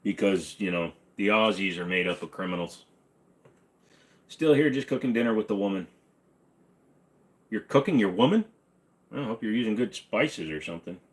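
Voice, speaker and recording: Laid-back male streamer, low-ish voice, answers chat with dry jokes and hums between questions. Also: animated, a little fast. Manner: joking, offhand, hums and scats to himself. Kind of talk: casual livestream chat. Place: home room with guns on the wall behind him.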